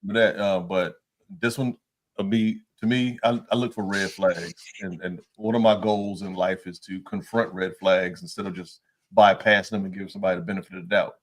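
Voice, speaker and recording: A man's voice: low voice, steady tone, brisk. Blunt, laid-back man co-host. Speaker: podcast co-host. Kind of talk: casual chat.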